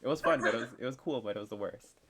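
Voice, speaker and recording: A young man teaching a casual online French lesson, chatty and full of fillers, slowing down to spell out words. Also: mid-range voice, noisy background.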